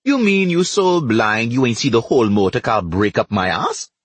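A man's voice: medium pitch, big pitch swings, moderate pace, slightly rough, no room sound. A man voicing an angry, cursing Trinidadian man who threatens with a strained voice. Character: angry grown man pinned under a car.

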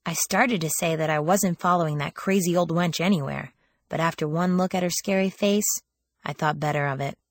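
Low-voiced woman narrating an audiobook wryly. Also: brisk, no room sound. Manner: wry, sardonic storytelling with lively quoted lines. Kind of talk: first-person audiobook narration.

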